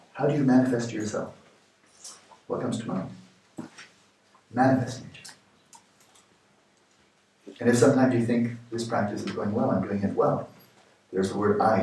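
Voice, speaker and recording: A man as a meditation teacher, giving guided meditation instruction in slow, questioning short phrases with pauses. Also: medium pitch, darkish tone, slight background noise. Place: retreat meditation hall. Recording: echoey room, distant mic.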